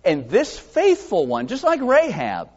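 Male pastor, lively and varied delivery, slightly high voice, dull lo-fi recording, casual sermon style. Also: a little slow. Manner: conversational, self-deprecating, acts out quotes. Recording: dull lo-fi sound.

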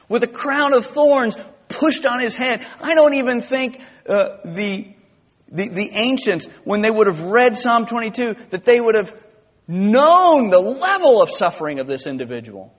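A male pastor preaching a sermon, impassioned and swinging from quiet to loud. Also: very high voice, very animated, moderate pace. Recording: dull lo-fi with long church reverb.

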